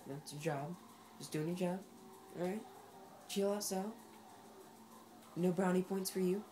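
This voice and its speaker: A woman's voice: lowish voice, moderate pace, mellow, slight background noise. A woman giving casual, sarcastic commentary while playing a racing game, talking back at the game's characters. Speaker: gameplay commentator.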